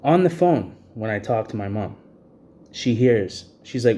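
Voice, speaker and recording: Vlogger man in his thirties, lower-pitched mellow voice, breathless and agitated rant, lots of fillers. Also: expressive, unhurried. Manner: agitated, repetitive, many "you know what I mean" fillers. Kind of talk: ranting to camera.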